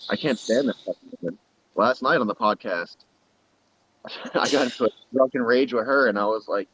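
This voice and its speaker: A man's voice: on the low side, brisk, a bit bright, a little hiss or hum. A man telling a heated, profane story in casual chat, acting out the people in it as he goes. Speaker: guest streamer. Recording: muffled lo-fi audio.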